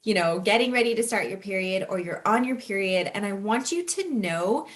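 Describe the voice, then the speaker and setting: A woman's voice: mid-range voice, animated, normal speed. A woman in her thirties hosting a podcast, talking candidly and earnestly straight to her listeners in a casual advice style. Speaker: podcast host.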